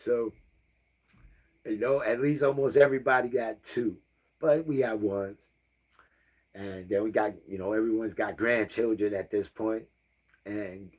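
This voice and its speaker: A middle-aged man hosting a casual livestream. He talks in a rambling, heartfelt way and sometimes drops into soft asides. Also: lowish voice. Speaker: livestream host.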